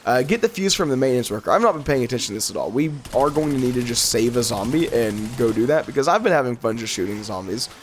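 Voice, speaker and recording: A man's voice: medium pitch, fast talker, few pauses, slight background noise. A man with a cold and a stuffy, nasal voice, giving rambling gameplay commentary and getting sidetracked. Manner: rambling, easily sidetracked, laughs often, voice jumps up in excitement. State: congested from a cold. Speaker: gaming YouTuber.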